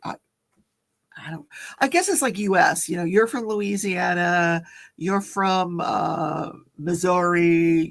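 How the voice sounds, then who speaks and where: A woman with a mid-range, gravelly, slightly rough voice hosts a casual livestream chat. She's chatty, reads out viewer comments, tells stories and laughs often.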